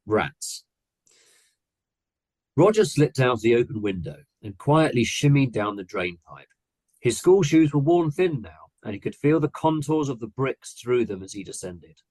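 Low husky man reading a story. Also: no room sound, low-quality recording. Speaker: podcast co-host reading his story. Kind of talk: read-aloud short story narration.

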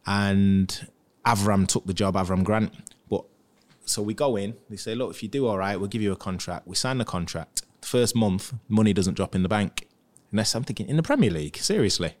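Lower-voiced former footballer telling stories. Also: male voice, fairly quick. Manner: chatty, animated, acts out quotes from others. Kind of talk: casual interview storytelling.

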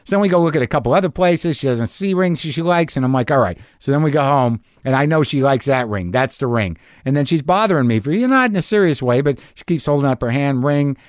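A man's voice: fairly high pitch, animated, fast talker, hardly any pauses, no echo, clean studio sound. A middle-aged man hosting a podcast, telling a rambling, profane, self-mocking story in a casual monologue. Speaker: podcast host.

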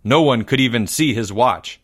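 A man narrating a suspenseful story in an even, measured way. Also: mid-range voice, breathy edge.

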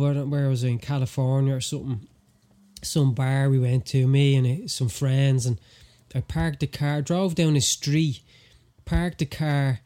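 An Irish man telling stories in a relaxed chat, his voice on the higher side for a man yet mellow and warm. He acts out the people in his stories as he goes. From Ireland. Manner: animated storyteller, acts out quotes. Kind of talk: casual chat.

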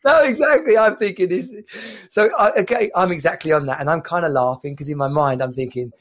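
A man's voice: a little high, a little fast, a bit bright. A man co-hosting a podcast, telling an anecdote in casual chat, laughing often and repeating himself. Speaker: podcast co-host.

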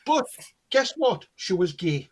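A man's voice: high-pitched, slow, slightly rough. A man, telling anecdotes in casual chat and acting out the dialogue in them. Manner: animated storyteller, acts out quoted dialogue. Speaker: guest, cold reader.

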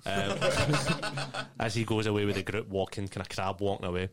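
Low voiced guy dm-ing a tabletop game, lots of ums, laughs easy. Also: a bit bright. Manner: loose narration full of ums and uhs, quick to laugh. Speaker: game master.

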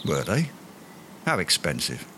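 A man's voice: rumbling low, huge pitch swings, unhurried, pushed and bright, slight background noise, heavily acted. An actor playing a pompous, self-important Englishman in a radio sitcom, speaking in flowery words. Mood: indignant. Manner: grandiloquent, long-winded, flowery words.

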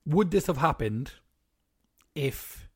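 A man's voice: a little high, animated, takes it slowly, darkish tone, breathy edge, no room sound, clean studio sound. A young man co-hosting a podcast, chatting casually and teasing his co-host. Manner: joking, teasing. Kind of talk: casual chat.

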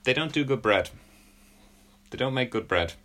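A man's voice: mid-range voice, animated, moderate pace, fairly bright tone. A British man in a casual comedic chat, rambling through self-deprecating stories. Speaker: podcast co-host.

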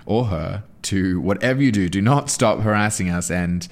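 A man's voice: sits low, moderate pace. A young man being interviewed as a guest, talking animatedly about his anti-bullying school show, often restarting his sentences. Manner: animated storytelling with frequent restarts. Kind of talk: interview answer.

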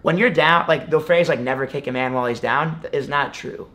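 This young man's voice sits on the high side, pushed and bright, and he talks fairly quickly. As a college wrestler being interviewed, he chats casually and rambles with lots of "like" and "you know."

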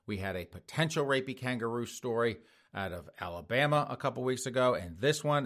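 A man's voice: mid-range voice, lively intonation, brisk, a bit bright. Middle-aged male show host; sarcastic news commentary, mocking tone. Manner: mocking, sarcastic, laughs at own jokes. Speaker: podcast host.

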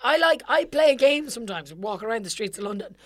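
A woman's voice: fairly high pitch, expressive, fast talker. A woman from Ireland with an Irish accent, co-hosting a podcast in casual chat, swearing a lot and talking with emphatic energy. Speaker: podcast co-host.

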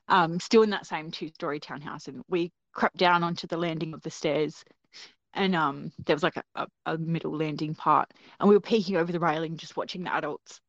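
Woman guest, lower voice, lively storyteller, dull lo-fi sound. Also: no echo. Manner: animated, acts out quoted voices, laughs often. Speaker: guest telling a personal story. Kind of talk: casual spoken storytelling. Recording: dull, dry lo-fi recording.

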